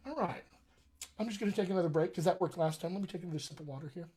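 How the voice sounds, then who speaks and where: A man's voice: high-pitched, rapid-fire, dark tone, slight background noise. A middle-aged man coaching actors on accents in a live question-and-answer session, chatty and enthusiastic. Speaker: dialect coach.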